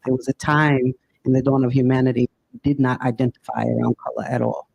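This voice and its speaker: A man speaking as a panelist, answering in an earnest, lecturing, deliberate way. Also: medium pitch, level tone, creaky, darkish tone, low-quality recording.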